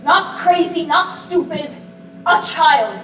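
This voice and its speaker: A woman's voice: sits high, expressive, takes it slowly, a bit bright, full character voice. A woman on a school stage playing a cold, controlling old grandmother who speaks in curt, unyielding lines, taken from a distant, echoey stage recording with hiss. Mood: harsh. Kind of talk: amateur stage acting.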